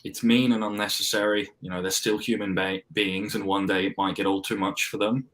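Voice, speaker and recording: A man, co-hosting in a stoic, measured way. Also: fairly low pitch, little pitch movement, a bit bright, a little hiss or hum. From Australia. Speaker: co-host.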